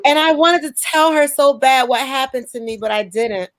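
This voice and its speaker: Young woman hosting, telling a story, kinda high voice, does the voices, dry sound. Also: moderate pace, dry recording, low-quality recording. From New Jersey. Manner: lively, acts out quoted voices. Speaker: show host. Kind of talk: casual storytelling chat.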